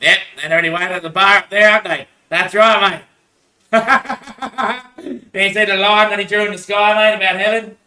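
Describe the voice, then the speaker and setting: Rambling, high-voiced Australian man. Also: fairly even intonation, normal speed, pushed and bright. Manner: rambling, swears a lot, laughs between phrases. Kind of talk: rambling casual monologue. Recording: echoey room, voice far from mic.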